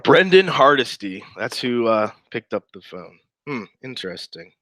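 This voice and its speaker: A man's voice: lowish voice, moderate pace, a bit bright, no echo, low-quality recording. A man giving casual, sarcastic commentary while reading through a chat log aloud, with wry asides.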